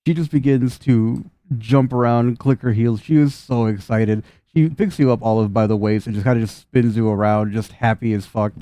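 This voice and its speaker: Mellow-voiced man running a tabletop game. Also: medium pitch, fairly even intonation, normal speed, few pauses, no room sound. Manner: casual, swearing, laughs often. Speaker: game master.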